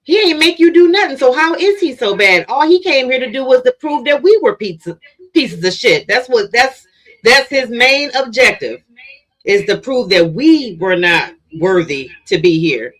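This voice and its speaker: Stream guest, casual talk, rambling, restarts sentences, mid-pitched voice. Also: animated, unhurried, fairly bright tone.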